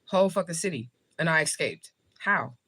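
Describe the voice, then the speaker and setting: A woman's voice: sits low, lively intonation, moderate pace, bright, forceful tone, slightly rough. A woman hosting a livestream, chatting casually and answering viewer comments in a blunt, heavily profane, jokey way with frequent laughter. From United States. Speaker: livestream host, spiritual reader.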